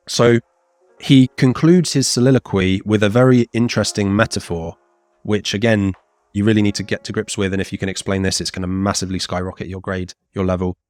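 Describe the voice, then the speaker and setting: A man in his thirties leads a casual exam revision lesson, chatty and animated, slipping into playful voices when reading quotes. His voice is low-pitched and there's no echo.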